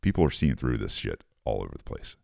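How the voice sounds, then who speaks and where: A man's voice: extremely low pitch, very animated, fast talker, creaky, darkish tone, no room sound, clean studio sound. A man, a former Marine, reading an article aloud and ranting over it in a profane, sarcastic casual monologue.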